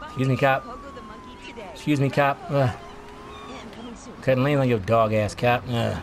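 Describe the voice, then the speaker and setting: A young man giving casual gameplay commentary as a streamer, excitable and profane, with yelping outbursts. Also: medium pitch, measured pace, long pauses, crowd noise. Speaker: gaming streamer.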